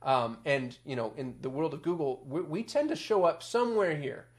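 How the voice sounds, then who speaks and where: A man's voice: on the high side, lively intonation, normal speed. A man hosting a casual marketing explainer, chatty, with many ums and restarts, getting fired up as he goes. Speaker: marketing agency host.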